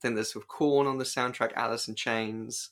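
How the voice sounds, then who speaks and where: A man's voice: mid-range voice, fairly even intonation, normal speed, a bit bright. A man co-hosting a podcast in casual chat, hesitant, with many restarts. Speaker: podcast co-host.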